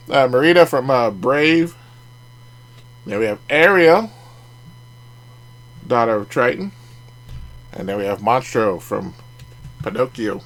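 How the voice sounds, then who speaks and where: A man hosts a casual card review vlog in a medium-pitched, sing-song voice at a moderate pace, pausing often. As a card collecting channel host, he stays chatty, slips in jokes and laughs at his own remarks.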